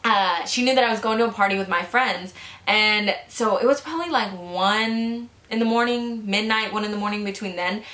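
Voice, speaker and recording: A woman's voice: medium pitch, normal speed, pushed and bright. A young adult woman vlogger telling a story in a casual, chatty way. She swears freely and fills her sentences with "like". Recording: echoey room.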